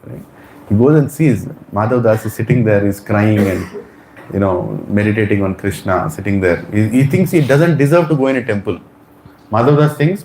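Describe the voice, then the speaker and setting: A man's voice: on the low side, expressive, moderate pace, a little mellow, echoey room, slight background noise, rough recording. A man telling a devotional story in a religious lecture, acting out the characters' lines.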